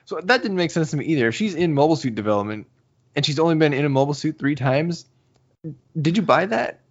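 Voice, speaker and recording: A man co-hosting a podcast in casual chat, recapping a story with animated retellings and quotes. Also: on the high side, fast talker, dull audio. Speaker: podcast co-host.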